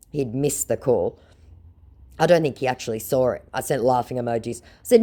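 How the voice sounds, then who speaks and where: A woman's voice: a bass voice, wildly swooping pitch, a little fast, warm tone. A woman hosting a scam-baiting video, reading out chat logs in a sarcastic, mocking way.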